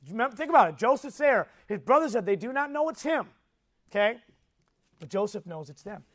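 High-voiced, animated male preacher. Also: brisk. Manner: animated storytelling, asks the audience questions; swings between soft and loud. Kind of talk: sermon.

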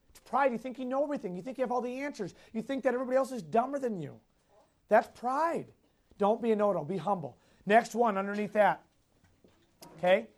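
A man's voice: sits high, a little mellow. A man teaching a Sunday school lesson to a class, repeating key points, asking questions and chuckling often as he tells personal stories. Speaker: youth Bible teacher.

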